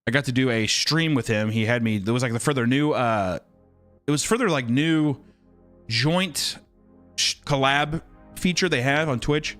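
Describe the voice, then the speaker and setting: A man's voice: medium pitch, moderate pace, fairly bright tone, faint music behind. A man chatting casually on a live stream while drawing, rambling and joking with crude humor.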